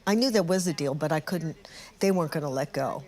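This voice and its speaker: An older woman with a fairly low voice looks back on old interviews, candid and wry, poking fun at herself. She speaks plainly in a reflective, documentary way. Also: fast talker, a little mellow. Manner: candid, wry, self-mocking. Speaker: presenter looking back on past interviews.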